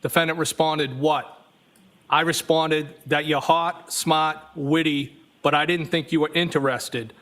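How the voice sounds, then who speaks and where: A man's voice: a little high, fairly even intonation, measured pace, fairly bright tone. A man testifying as a trial witness, reading text messages aloud evenly and speaking the punctuation marks.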